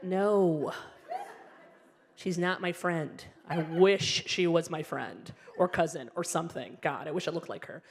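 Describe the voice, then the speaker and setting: A woman comedian from Egypt doing a stand-up set on stage, animated and playful, jumping into high put-on voices for the people in her jokes. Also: in a large hall.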